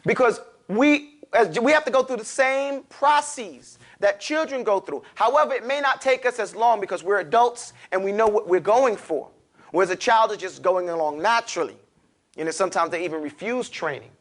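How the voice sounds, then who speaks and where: A man with a New York accent teaching a class, lively and animated, urging his students to repeat after him. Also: high-pitched, moderate pace. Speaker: Arabic teacher. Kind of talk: classroom lecture.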